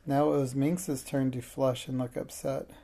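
A man narrating a children's storybook in a steady, plain reading voice. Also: mid-range voice, normal speed, gravelly.

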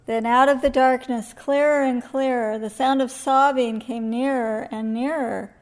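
A woman reading a rhyming children's story aloud in a gentle, sing-song way. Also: high-pitched, steady tone, unhurried. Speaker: storybook reader.

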